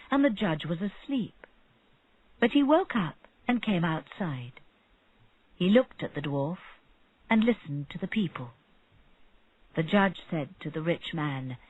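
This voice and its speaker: Slow husky storybook narrator. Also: mid-range voice, no echo. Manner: slow, clear storytelling for learners. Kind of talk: slow graded-reader narration. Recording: narrow phone-like sound.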